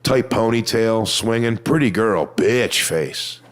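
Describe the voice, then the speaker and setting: A man performing a stand-up comedy set on stage, telling crude, swaggering stories and sometimes mocking people in high put-on voices. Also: lively intonation, slow pace. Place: comedy stage before a live audience.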